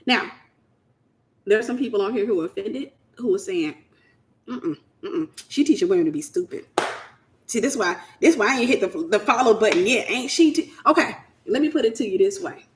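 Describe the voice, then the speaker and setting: Speaking fairly quickly in a slightly high, expressive voice, this American woman hosts a casual Christian teaching talk with emphatic, colloquial phrasing and repeated key lines. A little hiss or hum is audible.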